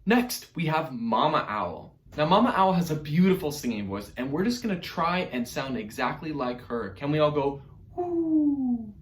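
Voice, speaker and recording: A man's voice: fairly high pitch, big pitch swings, moderate pace, few pauses, echoey room, a little hiss or hum. A man teaching an online music lesson to children in a playful, encouraging way.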